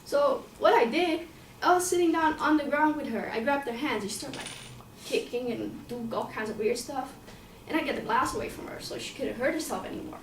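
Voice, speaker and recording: Speaking in a high voice, she casually relates her own story without frills, repeating herself and dropping the occasional swear word. A little hiss or hum runs under the roomy, distant-mic recording with its faint ambience.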